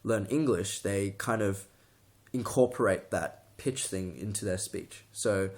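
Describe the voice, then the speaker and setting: A man's voice: on the low side, a little slow, a little mellow. A young man talking to the camera in a casual tutorial, rambling, restarting sentences and getting sidetracked. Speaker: vlogger.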